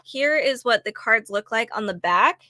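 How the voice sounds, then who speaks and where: A woman's voice: a little high, lively intonation, moderate pace, sharp tone. A woman casually showing sale items on camera from her home office, chatty and rambling, her voice a little worn. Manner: chatty, rambling, self-deprecating. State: slightly losing her voice. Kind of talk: casual product vlog. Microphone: desk microphone on camera.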